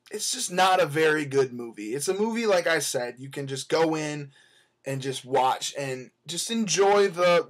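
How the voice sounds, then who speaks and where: A man's voice: fairly high pitch, a bit bright. A young man talking casually as he reviews a movie, rambling along with many fillers and restarts.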